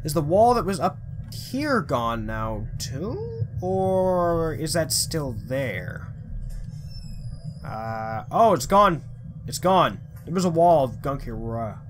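A man's voice: on the high side, huge pitch swings, slow, slight background noise. A man commentating his horror game playthrough in a confused, rambling way with frequent swearing. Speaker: let's play gamer.

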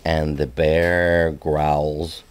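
A man's voice: a bass voice, level tone, very slow, clear, resonant tone. A man, a parent, talking playfully to a baby and imitating animal sounds.

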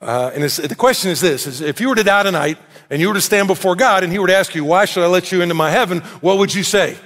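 A man preaching a sermon as pastor, telling the story with animated acted-out voices. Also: sits high, fast talker. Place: church sanctuary. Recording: echoey church hall.

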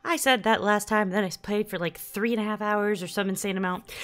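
A gaming YouTuber talks fast in a medium-pitched, fairly bright voice. She casually comments during a let's play, giggly and chatty, and is often confused.

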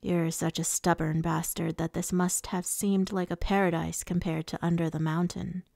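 A woman's voice: on the low side, level tone, moderate pace, creaky, a little mellow, no echo, clean studio sound, pitched below the performer's own voice. A woman reading the lines of a suave, menacing male fae lord, with a purring, taunting delivery.

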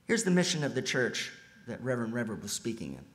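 A man delivering a sermon in a church, alternating between loud, emphatic lines and soft, almost whispered ones. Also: medium pitch, huge pitch swings, quick pace. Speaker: lay preacher. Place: church sanctuary. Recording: long hall reverb.

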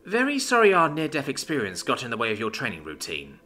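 A weary young woman answers with a fair pinch of sarcasm, dry and blunt, as a male narrator puts her on. The bright, animated voice keeps a lively lilt, with faint music behind it. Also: on the high side, fairly quick, voice pushed up. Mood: sarcastic.

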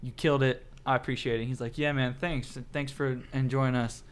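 A man's voice: medium pitch, fairly even intonation, fairly quick, clear, resonant tone. A man hosting a casual late-night podcast, rambling through stories and acting out quotes. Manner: rambling storyteller, acts out quotes. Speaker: podcast host.

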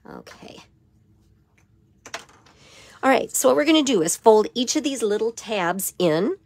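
A hoarse woman with a raspy voice giving a step-by-step papercraft tutorial in her craft studio. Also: on the high side, expressive, measured pace, darkish tone, slight background noise. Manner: step-by-step instruction with frequent okays. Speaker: papercraft demonstrator.

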